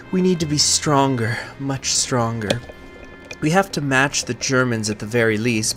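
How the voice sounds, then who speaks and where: A man reading out the journal of a zealous, paranoid male autocrat, in a slow and solemn manner. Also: medium pitch, a bit bright, natural voice. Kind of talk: reading in-game text aloud.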